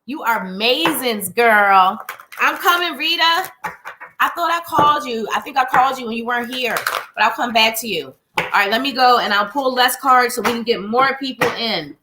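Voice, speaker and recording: A woman with a fairly high voice talks at a moderate pace over background noise, sounding slightly winded. She's a psychic reader hosting a live tarot stream, chatting away, greeting viewers by name and reading cards with bubbly energy.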